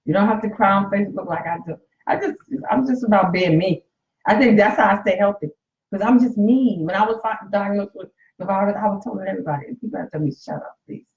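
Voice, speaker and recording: A woman's voice: on the low side, a little mellow, echoey room, lo-fi sound. A woman in her late fifties, a coach and nurse, talks candidly and emotionally to viewers during a casual live stream from her phone. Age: 50s.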